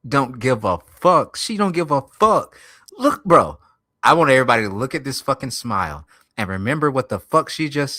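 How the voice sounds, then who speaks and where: A man's voice: medium pitch, pushed and bright, dry recording, studio quality. A man streaming, reacting to a video with profane, incredulous commentary and repeated "bro". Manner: incredulous, swears heavily, says "bro".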